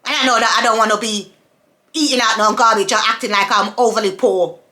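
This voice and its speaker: A woman's voice: fairly high pitch, fairly even intonation, fairly quick, sharp tone. A woman, a mother talking to her camera in an emphatic, repetitive rant full of rhetorical questions. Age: adult, mother of several children. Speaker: vlogger. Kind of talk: casual monologue to camera.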